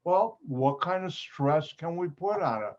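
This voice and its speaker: Playful Chicago chemistry teacher on a call. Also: male voice, expressive, measured pace, slight background noise. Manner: playful, jokey teacher with sudden high exclamations. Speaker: chemistry lab instructor. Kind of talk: online class lecture. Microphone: video call. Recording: slightly dull video call audio.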